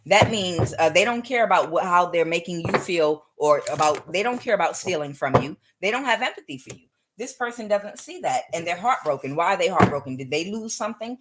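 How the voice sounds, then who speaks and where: A woman giving a tarot reading to camera, scolding and animated, with laughing asides. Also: mid-range voice, low-quality recording. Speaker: tarot reader.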